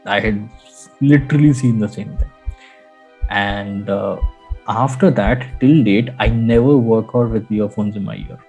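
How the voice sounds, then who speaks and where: Low husky man telling a story. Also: unhurried, a little mellow, dull audio, soft background music. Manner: rambling, with many fillers and restarts. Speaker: podcast co-host. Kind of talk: casual storytelling on a podcast.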